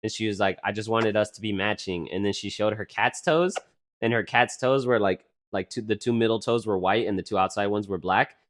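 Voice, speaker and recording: A man's voice: fairly low pitch, fairly quick. A young man co-hosting a casual podcast. He rambles with many fillers and teases his co-host. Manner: rambling, full of fillers, teasing.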